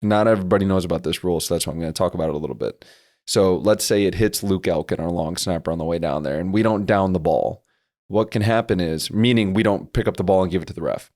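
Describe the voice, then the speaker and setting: Deep-voiced man explaining football plays. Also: quick pace, a little mellow. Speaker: podcast co-host. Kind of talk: casual sports podcast chat.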